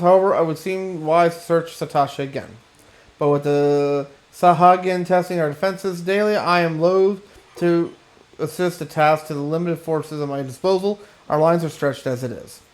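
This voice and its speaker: A man's voice: high voice, a little mellow, pitched above the performer's own voice, lightly acted. A man voicing a formal, weary male garrison officer from a game, reading the dialogue plainly.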